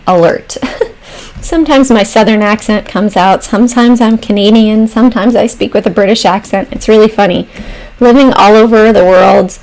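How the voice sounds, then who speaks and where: A woman's voice: mid-range voice, darkish tone, low-quality recording. A woman hosting a stock trading livestream, walking through charts and answering viewers' chat messages as she thinks aloud. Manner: thinks aloud with pauses and trailing phrases. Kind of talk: casual livestream commentary.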